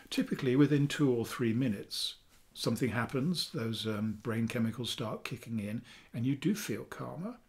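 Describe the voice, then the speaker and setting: A man, a therapist calmly teaching a self-help technique in a chatty video, with fillers, dropping softly for affirmations. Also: medium pitch. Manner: calm, chatty explaining with fillers, softening to near-whispers for affirmations. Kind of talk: talking-head teaching video.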